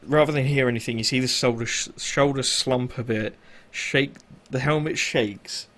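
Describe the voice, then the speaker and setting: A man's voice: mid-range voice, moderate pace, a bit bright. Man, game master, casual narration, filler-heavy, mid-range voice.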